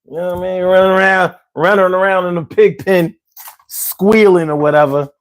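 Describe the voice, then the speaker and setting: A man hosting a casual livestream, reading chat and talking in street slang, swinging from low mutters to loud exclamations. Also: steady tone, moderate pace. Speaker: livestream host. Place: home.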